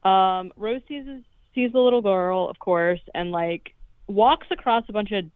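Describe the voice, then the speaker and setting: A woman's voice: mid-range voice, unhurried, smooth, dry recording. A woman co-hosting a podcast talks through a movie plot in a loose, jokey way, cursing freely and quoting characters as she goes. Her voice comes through a thin, phone-like line and sounds close and dry, with no room around it. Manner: swearing, jokey retelling with quoted lines. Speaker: podcast co-host. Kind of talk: casual movie recap.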